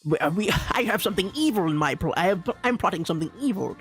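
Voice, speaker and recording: A man's voice: high voice, expressive, fast talker, fairly bright tone, soft background music. A man voicing a scheming male fairy-tale villain with a sly, musing delivery.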